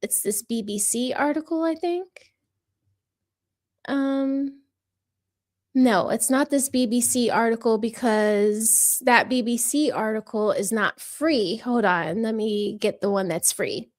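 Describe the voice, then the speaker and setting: A woman's voice: on the high side, slow. Chatty woman hosting a political talk show. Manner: chatty and rambling, addresses viewers as y'all. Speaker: political commentary host. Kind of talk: casual political commentary, reading articles aloud.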